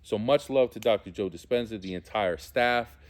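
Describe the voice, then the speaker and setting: A man shares a personal spiritual testimony in a fairly low voice. He speaks earnestly and from the heart, often stopping to search for the right words. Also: moderate pace. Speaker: theologian and musician.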